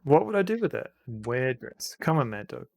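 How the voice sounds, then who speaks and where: Man, streamer, casual gameplay commentary, gravelly voice, rambling, dry close sound. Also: on the high side, big pitch swings, fast, dark tone, dry recording. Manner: rambling, self-interrupting, reads game text aloud.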